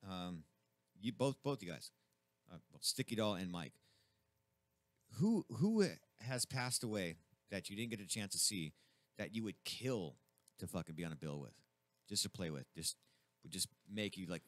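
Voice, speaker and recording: A man hosting a radio show in a studio, chatting casually and excitedly, swearing constantly. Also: deep voice, normal speed, dry recording.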